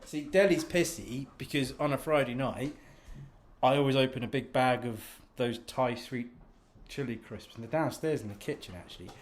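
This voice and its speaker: A man's voice: medium pitch, moderate pace, echoey room, slight background noise. A man rambling in a casual, sweary monologue from his home office, laughing often. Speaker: author and podcast host.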